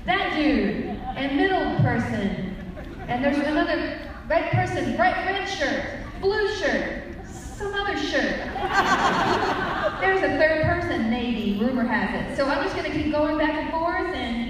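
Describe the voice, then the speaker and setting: A woman guest chatting casually and self-deprecatingly with a live convention audience, rambling and joking. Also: high voice. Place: large convention hall. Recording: roomy hall mic from a distance with crowd. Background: audience crowd noise.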